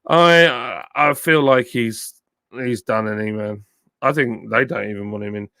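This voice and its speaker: A middle-aged man from the south of England, his southern English accent softened by years in the north, chatting casually on a live stream and reading out viewer comments. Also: mid-range voice, measured pace, no room sound, studio quality. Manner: chatty, thanking viewers by name, frequent ums and uhs. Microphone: phone with a plug-in mic.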